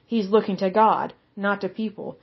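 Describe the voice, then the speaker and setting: A woman's voice: mid-range voice, steady tone, moderate pace, muffled recording. Blunt, outspoken woman teaching the Bible.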